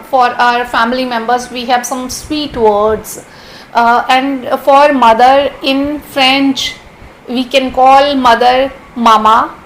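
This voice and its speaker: Slow, high-voiced woman teacher. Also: a bit bright, slight background noise, rough recording. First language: Hindi. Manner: patient, repeats each word slowly several times. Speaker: language teacher. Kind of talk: vocabulary lesson.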